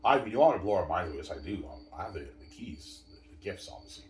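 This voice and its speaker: A man's voice: deep voice, sing-song, fast, a little mellow, slight background noise. A man giving a rambling, emphatic sports monologue, repeating himself and turning to his viewers to drive each point home. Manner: repetitive, emphatic, keeps saying obviously and addressing viewers. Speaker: sports commentator. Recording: roomy sound from a distant mic.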